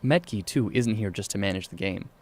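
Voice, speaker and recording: A man narrating a scripted radio news feature as a reporter, in a measured, even delivery. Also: lowish voice.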